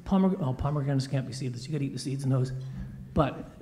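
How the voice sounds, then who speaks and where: A man telling a children's story in a church service, playful and animated, acting out quoted lines. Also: mid-range voice, fast, slight background noise.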